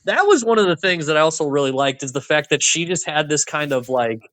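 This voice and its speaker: Young male podcast co-host with a slightly high voice and dry close sound, lively scene-by-scene retelling with voiced quotes. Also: a little fast, no echo. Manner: animated retelling of scenes, acting out the characters' lines. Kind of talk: casual chat.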